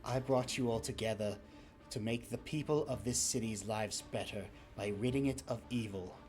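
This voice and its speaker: A man voicing a stern female dragon leader who scolds and reproaches a group, his voice pitched up for her. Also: moderate pace, darkish tone, soft background music, natural voice. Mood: grave. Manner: reproachful, raises voice in outrage.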